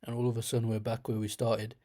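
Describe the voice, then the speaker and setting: A man's voice: medium pitch, completely flat delivery, quick pace, warm tone. A young man with a slight lisp telling a rambling comic story about his dreams in a casual way, laughing at himself now and then. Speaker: storyteller host.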